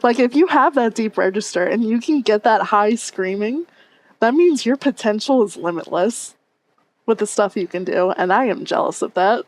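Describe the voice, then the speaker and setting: A woman's voice: fairly high pitch, expressive, normal speed. A woman streamer chatting casually with her viewers on a headset mic, reading and answering chat and laughing often.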